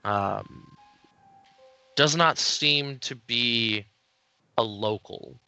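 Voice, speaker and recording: Casting: unhurried male game master, bright tone, halting narration. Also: medium pitch, vocal fry, clear, resonant tone, faint music behind. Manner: slow, hesitant narration with many fillers.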